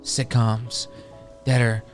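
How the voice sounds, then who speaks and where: A man's voice: medium pitch, flat delivery, takes it slowly, music in the background. A man co-hosting a casual podcast, laid-back and swearing offhandedly as he leads a ranking of sitcoms. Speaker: podcast co-host. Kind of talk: casual chat.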